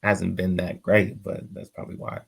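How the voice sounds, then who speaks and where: A man's voice: low-pitched, completely flat delivery, moderate pace, creaky, breathy edge, no echo. A man co-hosting a casual sports podcast, cutting in with dry, teasing remarks. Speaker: podcast co-host.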